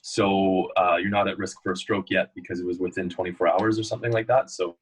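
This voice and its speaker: A man's voice: sits low, little pitch movement, a little fast, a little hiss or hum, low-quality recording. A young man, a guest in a casual interview, telling rambling stories full of fillers. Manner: storytelling, loose and rambling with many fillers.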